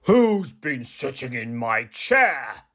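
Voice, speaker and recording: A man voicing a great big, gruff, hungry father bear in a storybook reading. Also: mid-range voice, very animated, takes it slowly, fairly bright tone, lo-fi sound, heavily acted. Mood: grumbling.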